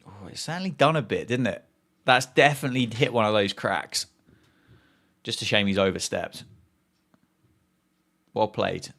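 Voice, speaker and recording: A man's voice: fairly low pitch, normal speed, vocal fry, pauses often, a bit bright. A man hosting a live cricket watchalong, chatting casually, joking and reacting to play and viewer comments.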